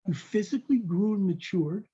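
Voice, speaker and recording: A man's voice: high-pitched, moderate pace, warm tone, slightly rough. A man teaching a text-study class, reading Hebrew phrases aloud and then translating each one into plain English. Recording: dull lo-fi recording.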